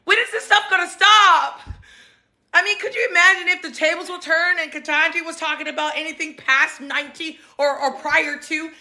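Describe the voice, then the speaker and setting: Speaking at an ordinary pace, this thirties-aged talk show host has a bright, very high voice. She riffs casually on politics with a sassy, animated energy, often laughing and exclaiming.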